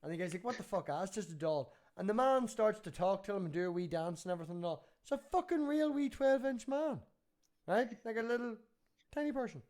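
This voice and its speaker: A man's voice: high-pitched, fairly quick. A man hosting a casual stream chat, telling a long bar joke and swearing freely. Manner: swears freely, animated storytelling. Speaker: stream host.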